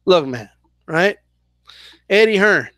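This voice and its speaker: A man's voice: high-pitched, animated, takes it slowly, pushed and bright, dry recording. A man hosting a casual live Q&A about boxing, chatty and loose, full of "like" and "right?" as he answers viewer questions. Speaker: boxing channel host.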